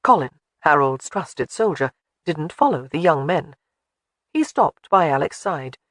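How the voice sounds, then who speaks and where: An audiobook narrator reading a historical romance, expressive storytelling at a close studio mic. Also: medium pitch, a little slow, no room sound. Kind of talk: scripted narration.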